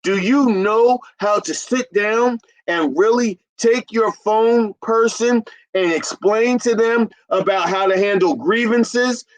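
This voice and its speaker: A man in his fifties, a business consultant, talking emphatically to an audience he calls ladies and gentlemen. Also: high voice, takes it slowly, hardly any pauses, rough recording. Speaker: carpet cleaning business consultant. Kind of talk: promotional business talk.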